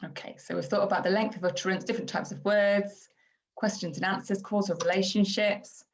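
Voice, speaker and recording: A woman educator giving a calm, explanatory online training talk over a video call. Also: mid-range voice, rough recording. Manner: calm explaining, slips into slow exaggerated child-directed examples.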